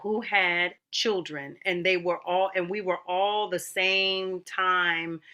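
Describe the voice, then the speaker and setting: Bright, lively storytelling woman. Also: on the low side, slow, clear, resonant tone. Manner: animated storytelling, calls listeners honey and girl. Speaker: opera singer and mother. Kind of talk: casual panel chat.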